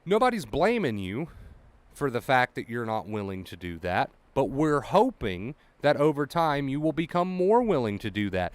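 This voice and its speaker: Speaking as an anxiety recovery coach, this man gives a blunt motivational monologue in a fairly high voice, swearing freely and going over his points again and again. The recording has no room sound.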